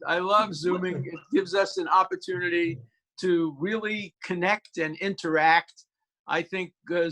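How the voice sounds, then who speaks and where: A man's voice: a little high, sharp tone. A male law professor speaking as a guest on a video call, emphatic and storytelling, with many hesitations.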